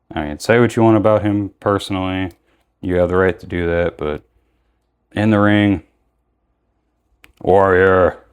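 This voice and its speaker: A young man with a noticeably deep voice, a little mellow and smooth, casually narrates an action figure unboxing. His talk rambles, and he backtracks and corrects himself along the way.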